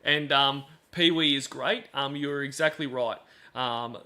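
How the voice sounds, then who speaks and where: A man hosts a stream with chatty, sarcastic commentary full of fillers. His voice is bright and forceful, at a middle pitch. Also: unhurried. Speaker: stream host. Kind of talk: live commentary on played calls.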